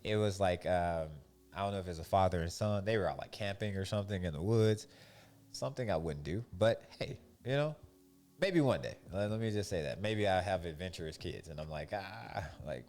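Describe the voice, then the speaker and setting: A young man with a fairly low voice talks casually about keeping your peace. He tells stories in a loose, animated way and slips into the voices of the people he quotes. Soft music plays faintly behind him. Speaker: podcast host. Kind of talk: casual faith-based monologue.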